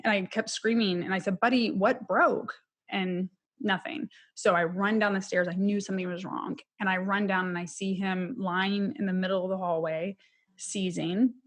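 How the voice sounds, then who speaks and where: A woman's voice: mid-range voice, fairly bright tone. A woman, a criminologist and podcast guest, telling a personal loss story in an earnest, candid and emotional way.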